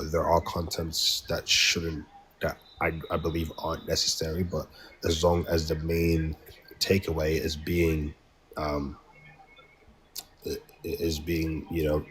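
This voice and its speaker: Low-voiced English man, halting debater. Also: a bit bright, slight background noise, rough recording. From England. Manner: hesitant, repeats words, interrupts. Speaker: debate guest. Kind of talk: heated online debate.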